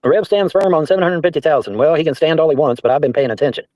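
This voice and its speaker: A man's voice: on the high side, animated, very fast, darkish tone, dry recording. Profane, mocking man ranting on a stream. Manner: profane, mocking, reads chat aloud and answers it. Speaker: livestreamer answering trolls. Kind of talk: casual livestream rant. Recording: dull, dry lo-fi stream audio.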